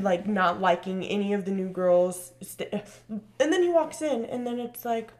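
A woman chatting casually about a reality show, excitable and gossipy, acting out what people said. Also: medium pitch, unhurried. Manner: excitable, gossipy, acts out quotes.

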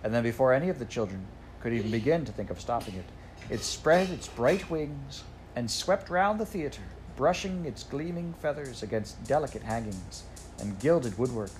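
A man reading a children's storybook aloud, in a measured, unhurried narration. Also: mid-range voice, lively intonation, darkish tone, soft background music. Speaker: audiobook reader.

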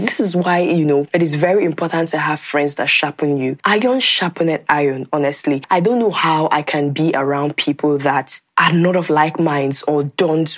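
Low-voiced Nigerian woman, earnest. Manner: earnest, repeats and restarts words. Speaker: podcast host. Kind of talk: casual Q&A chat.

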